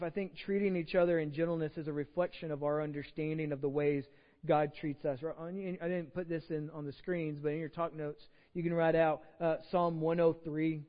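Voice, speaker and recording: Man, pastor, from Texas, high voice, conversational sermon, long church reverb. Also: muffled recording. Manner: conversational preaching with rhetorical questions and repeated words. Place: church sanctuary.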